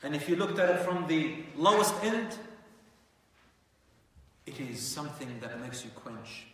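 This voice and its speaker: A man telling a dramatic story as a sermon, going from hushed lines to loud, animated ones. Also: a little high, unhurried, distant mic. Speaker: preacher. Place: mosque prayer hall. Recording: echoey hall, mic from afar.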